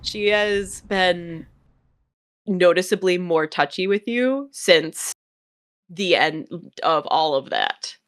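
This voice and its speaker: A woman running a tabletop game, narrating casually with a giggle now and then. Her voice is mid-pitched and the sound is dry and close. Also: slow pace, no echo. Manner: casual, giggly, lots of fillers. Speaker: game master.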